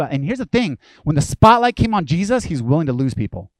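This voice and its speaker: A male pastor delivering a lively, conversational sermon, acting out the voices of people he quotes. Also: mid-range voice, moderate pace, no echo.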